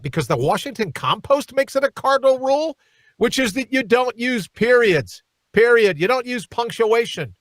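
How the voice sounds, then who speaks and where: A man hosts a radio talk show from a studio, ranting with a sarcastic edge. His voice sits high and swings widely in pitch. The studio sound is dry and close. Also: no echo. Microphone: studio microphone.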